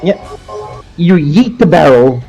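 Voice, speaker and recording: A man's voice: on the high side, animated, takes it slowly, gravelly, warm tone, soft background music. A man acting as game master, casually directing players in a tabletop game.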